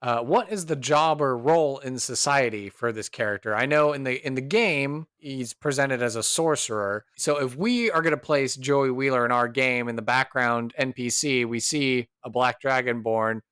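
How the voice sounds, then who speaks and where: A man hosts a podcast in an easygoing, chatty way, steering the talk with relaxed questions. His voice sits at a middle pitch. The recording is close and dry, with no room sound. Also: normal speed, hardly any pauses, clear, resonant tone, no room sound. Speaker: podcast host. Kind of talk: casual chat about building a game character.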